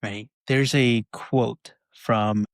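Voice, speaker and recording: A man's voice: mid-range voice, fairly even intonation, very slow, dry recording. A man hosting a podcast, chatting casually and often checking in with "right?". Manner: conversational, frequent "right?" tags. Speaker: podcast host.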